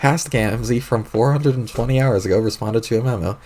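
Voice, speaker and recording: A man reading a webcomic aloud on stream, speaking the narration in a quiet, lowered voice. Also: fairly quick, hardly any pauses.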